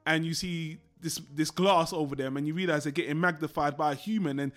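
A man's voice: a little high, fairly even intonation, brisk, fairly bright tone. A man co-hosting a podcast, talking about films and cartoons he loves in an enthusiastic, nostalgic way. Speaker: podcast co-host. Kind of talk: casual film discussion.

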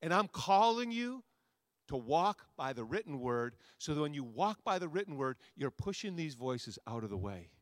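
Pastor preaching with rising and falling intensity. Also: male voice, sing-song, normal speed, no echo, clean studio sound. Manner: swings between loud soaring lines and low quiet asides; repetitive, rousing preaching cadence. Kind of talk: sermon. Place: church sanctuary before a congregation.

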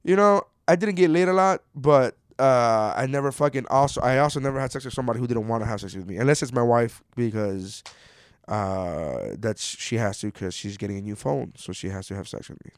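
A man in his thirties ranting casually, cursing often and swinging from low mutters to loud outbursts. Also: lively intonation, fairly quick, no room sound, clean studio sound. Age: 30s. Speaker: commentator reading an article. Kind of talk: casual rant.

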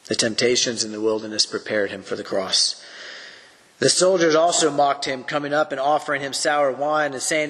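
A man's voice: medium pitch, moderate pace, fairly bright tone, in a large hall. A man teaching through a Bible passage on a podcast. He speaks earnestly in a preacherly way and poses rhetorical questions.

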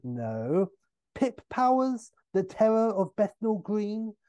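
A man's voice: high-pitched, big pitch swings, takes it slowly, mellow, smooth, pitched above the performer's own voice, heavily acted. A man voicing a bumbling aging male British secret agent who guesses wrongly and sounds puzzled.

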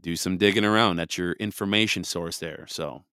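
A hoarse, raspy man hosting a podcast, praying fervently and chatting in a folksy way with frequent laughs. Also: sits low, fairly even intonation, moderate pace, pushed and bright, dry recording, studio quality. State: hoarse from illness. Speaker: podcast host. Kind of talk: casual podcast talk with prayer. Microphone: headphones and studio mic.

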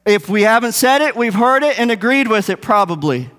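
A man's voice: high-pitched, animated, a little fast, fairly bright tone. A man preaching a sermon, earnest and emphatic, repeating his key points. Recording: long reverb of a hall.

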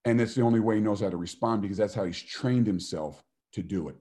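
Telling stories in a motivational talk, this middle-aged man, once a football player and coach, imitates the people he quotes and laughs a lot. His voice is fairly low and mellow, and he speaks quickly.

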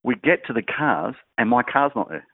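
A man, a grief researcher and guest, telling anecdotes in an animated, casual way. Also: mid-range voice, normal speed, gravelly, no echo. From Australia. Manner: animated storyteller, laughing through anecdotes. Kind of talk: casual storytelling chat. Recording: dry, tinny phone-like line.

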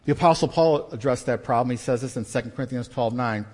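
A man preaching a sermon as pastor, emphatic and dynamic, shifting between loud stresses and quiet asides with self-deprecating humor. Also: mid-range voice, quick pace, few pauses. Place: church sanctuary. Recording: long church reverb.

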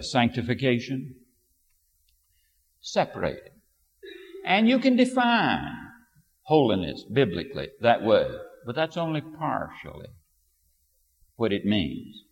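Older preacher in an echoing hall. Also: male voice, medium pitch. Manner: storytelling, unhurried with sudden bursts of emphasis. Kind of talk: sermon. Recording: dull lo-fi audio with long hall reverb.

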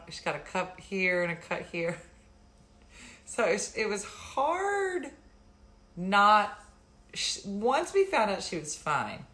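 A woman's voice: on the low side, a bit bright. A middle-aged woman hosting a live stream, chatting casually, rambling and laughing often. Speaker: livestream host.

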